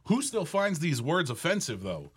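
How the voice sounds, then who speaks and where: A man's voice: a little high, husky. A man co-hosting a podcast in casual chat, provoking his friends with blunt questions. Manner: provocative, rapid, animated questioning. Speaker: podcast co-host.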